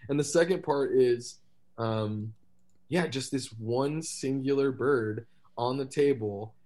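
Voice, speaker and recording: A man's voice: medium pitch, slow, a little mellow. A man guesting on a casual podcast, telling loose stories with frequent laughs and little sound imitations.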